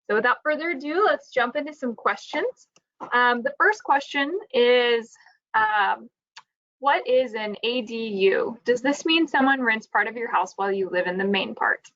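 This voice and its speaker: Hoarse woman running the q&a on a webinar, bright highish voice, dull audio. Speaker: webinar moderator. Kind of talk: webinar hosting.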